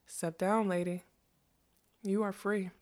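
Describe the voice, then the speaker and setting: Woman reader voicing a self-doubting male magician: rueful, heavy-hearted, low-pitched. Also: fairly even intonation, normal speed, fairly bright tone. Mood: gentle.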